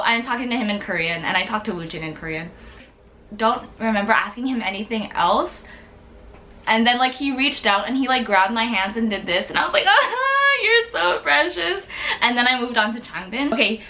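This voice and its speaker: A young woman tells a casual vlog story in a bright, sharp voice that sits a little high. She gushes excitedly and fills her sentences with "like." A faint noise hums underneath. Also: moderate pace. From United States. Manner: excitable, gushing, heavy use of "like". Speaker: vlogger.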